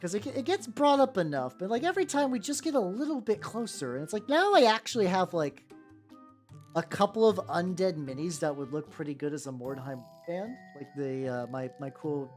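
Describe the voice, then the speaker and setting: Rambling woman in her thirties, lively pitch. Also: brisk. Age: 30s. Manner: rambling, with constant "like" fillers. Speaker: streamer painting miniatures. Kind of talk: casual chat while painting. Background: faint background music.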